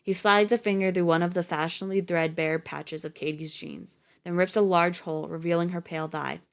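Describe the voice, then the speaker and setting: Woman narrator, lowish voice, steady storybook reading. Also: fairly quick. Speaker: audiobook reader on a livestream.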